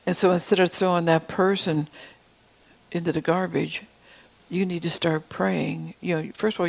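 A preacher in their fifties or older giving an earnest sermon in a church, often dropping to a soft whisper for emphasis and repeating words. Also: mid-range voice, gravelly, rough recording. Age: 50s or older.

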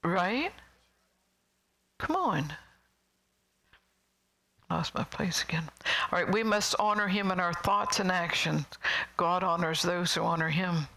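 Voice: medium pitch, slow, vocal fry, pauses often, sharp tone, low-quality recording. A middle-aged preacher giving a sermon in a rambling, conversational way, with chuckling asides and whispered emphasis.

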